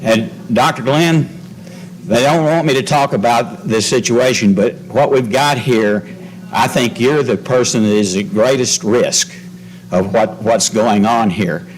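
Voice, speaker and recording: A man's voice: mid-range voice, low-quality recording. A man giving a public comment at a school board meeting, insistent and urgent, who keeps talking over the chair's interruptions.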